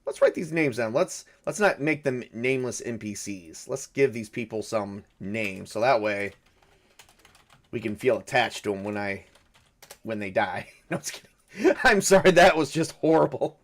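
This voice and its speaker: A man's voice: mid-range voice, expressive, normal speed. A man running a solo tabletop game, thinking aloud in a rambling, self-correcting way. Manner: rambling, self-correcting, chuckles at own jokes. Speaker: game master.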